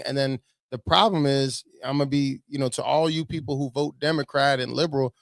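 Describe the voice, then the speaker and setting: A man's voice: mid-range voice, vocal fry, no room sound, studio quality. A man, a pastor, giving blunt, preachy commentary on videos.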